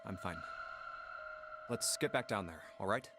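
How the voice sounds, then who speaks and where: A man's voice: lowish voice, expressive, a little slow, bright, forceful tone, faint music behind, exaggerated voice. An actor playing a wary young man in a game who asks pointed questions and stumbles when nervous. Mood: uneasy.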